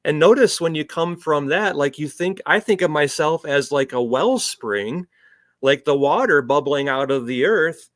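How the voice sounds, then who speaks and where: A man's voice: on the high side, lively intonation, measured pace, a bit bright, no echo. Earnest man, dry close sound. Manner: earnest, reflective, with many restarts. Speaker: spiritual coach. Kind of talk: conversational podcast interview.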